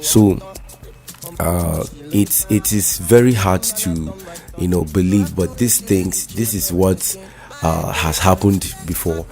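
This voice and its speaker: A man with a Nigerian accent, co-hosting a casual radio talk show, speaking haltingly with many restarts and repeated words. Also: low voice, gravelly, darkish tone, faint music behind. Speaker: radio co-host.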